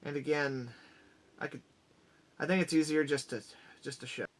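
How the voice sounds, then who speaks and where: A man's voice: on the high side, steady tone, normal speed. A man in a casual vlog, enthusiastically rambling as he rattles off items from his collection one after another.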